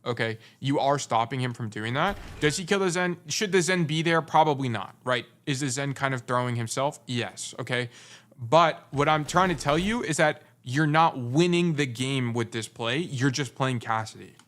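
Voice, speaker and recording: Speaking at a normal speed in a medium-pitched, somewhat bright voice, a young game coach reviews gameplay casually. He's blunt, teases a bit, and says things more than once to drive them home.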